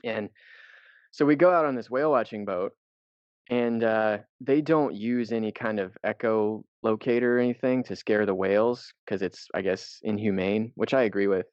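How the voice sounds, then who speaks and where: This American man co-hosts a podcast, telling a rambling travel story and swearing casually. His voice is lowish, a little mellow and clean, at a moderate pace. The lo-fi podcast audio sounds dull and dry.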